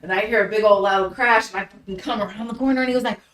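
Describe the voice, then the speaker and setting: A woman's voice: medium pitch, fast, fairly bright tone. A woman in casual podcast chat tells a story with lots of fillers and swearing, laughing along as she goes. Her voice sounds roomy and a bit distant from the mic. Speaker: podcast co-host.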